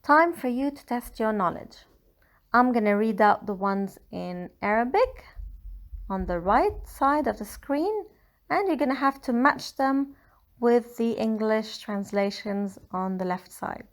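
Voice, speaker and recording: A woman with a Lebanese accent, slowly and carefully explaining grammar in a language lesson. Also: on the high side, lively intonation. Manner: slow, careful explaining with Arabic examples. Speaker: Arabic teacher. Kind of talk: scripted language tutorial.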